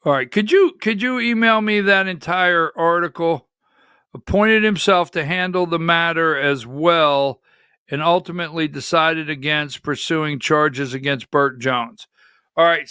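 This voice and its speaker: Man, political talk host, high bright voice, slow and exasperated, dry sound. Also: clean tone, dry recording. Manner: agitated, exasperated, talks to his producer mid-show. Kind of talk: live commentary show.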